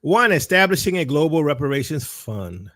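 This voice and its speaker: A ministry teacher's religious commentary comes in a preaching style with a New Orleans accent, aimed straight at his audience. His voice is fairly high and fairly bright, moving at a moderate pace with big pitch swings, on a dry, studio-quality recording.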